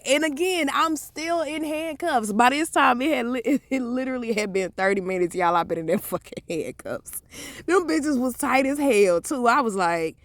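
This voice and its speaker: Animated, profane woman telling a story. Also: on the high side, moderate pace, no echo. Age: 30s. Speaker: vlogger. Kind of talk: storytime vlog.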